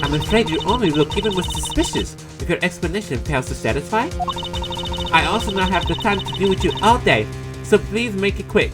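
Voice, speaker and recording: A man's voice: sits high, expressive, brisk, loud music behind the voice, voice pushed up. A man voicing a prim, stern woman flight attendant with a formal, accusing manner.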